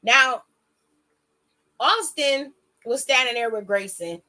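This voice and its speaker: A woman giving a casual, chatty recap of a wrestling show, animated and swearing freely, with quick asides that interrupt her own story. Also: fairly high pitch.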